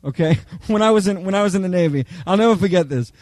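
A man preaching a Bible study, telling humorous personal stories in a chatty, animated way, often checking in with "okay?". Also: sits high, quick pace, no echo. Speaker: pastor teaching a Bible study.

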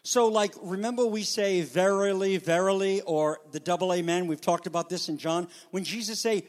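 Animated high-voiced male preacher, reverberant hall. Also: normal speed, few pauses. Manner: animated preaching, dramatic emphasis. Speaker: pastor. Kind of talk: sermon.

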